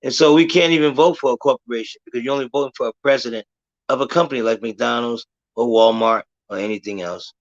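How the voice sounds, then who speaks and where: A man hosting a live stream, explaining his views in a measured, lecturing way and trying to keep things logical. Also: medium pitch, lo-fi sound. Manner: measured, lecturing, says he wants to stay calm and logical. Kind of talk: casual talk on a live stream.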